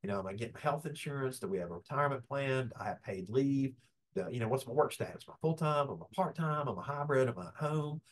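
Guy teaching over a webcam call, folksy and calm, mid pitch. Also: fast talker. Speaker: business law presenter. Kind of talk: webinar lecture. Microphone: video call webcam.

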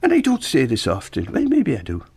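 A man from Yorkshire delivers a theatrical, pun-filled monologue in an obviously put-on Irish accent. His voice is gravelly and a little husky, sitting fairly high for a man. It swings up and down a lot as he plays with words. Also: huge pitch swings, fairly quick, a little mellow. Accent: phony Irish put on over Yorkshire. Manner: wordplay-heavy, theatrical, stammering repeats. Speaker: podcast host. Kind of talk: rambling scripted monologue.

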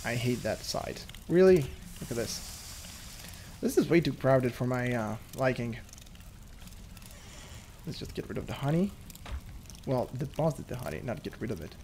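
A man's voice: medium pitch, lively intonation, moderate pace, long pauses, darkish tone, a little hiss or hum. Chatty nervous man narrating his gameplay. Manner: chatty, nervous laughs, thinks aloud. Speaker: gameplay commentator. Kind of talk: casual gameplay commentary.

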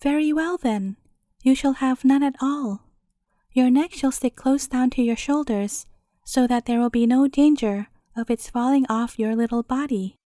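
A woman voicing an ugly, menacing old witch woman in a storybook, with a cracked, croaking voice and slow, grim muttering. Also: high voice, warm tone, no room sound, clean studio sound.

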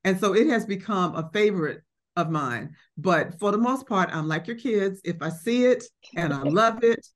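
Middle-aged woman, collector, reflective conversational storyteller who slips into quoted voices, mid-pitched. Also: expressive, moderate pace. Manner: reflective, warm storytelling with acted quotes and frequent fillers. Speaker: art collector.

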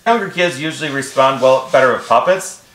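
A man's voice: medium pitch, a little fast, fairly bright tone. A man guesting on an interview, chatting about puppetry in a playful, joking way. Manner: playful, jokey storytelling. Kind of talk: casual interview. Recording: echoey room.

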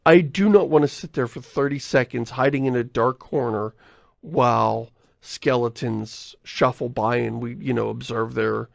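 A podcast host chatting casually in a rambling, self-interrupting way, often laughing and reading listener mail. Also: male voice, medium pitch, moderate pace, creaky, dry recording, clean studio sound. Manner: reads listener mail aloud.

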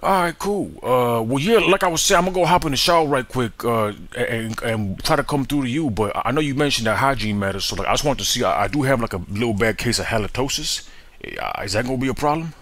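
A man's voice: mid-range voice, lively intonation, fast talker, a bit bright. A man doing a laid-back southern flirt. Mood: flirty. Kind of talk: prank phone call.

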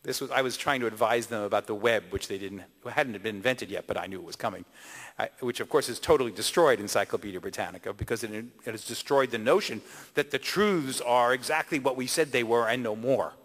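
A man's voice: medium pitch, fairly quick, fairly bright tone. A man gives a conference lecture. He presses his points with rhetorical questions and emphatic repetition in a mid-range voice. A long hall reverb trails his words. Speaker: keynote lecturer.

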